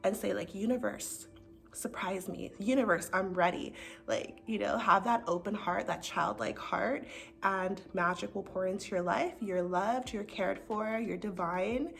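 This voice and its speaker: A woman's voice: mid-range voice, measured pace, creaky. A young American woman telling personal stories in a casual, earnest way, leaning heavily on "like" as she talks to her viewers. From United States. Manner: chatty, earnest, filler-heavy with frequent "like". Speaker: spiritual vlogger. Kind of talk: casual heartfelt storytelling. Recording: soft music in the background.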